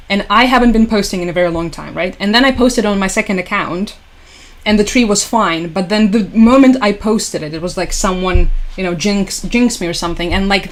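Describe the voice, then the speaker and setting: A woman hosting a casual livestream from home, chatty and sarcastic, laughing often. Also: medium pitch. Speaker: livestream host. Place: at home with her dog.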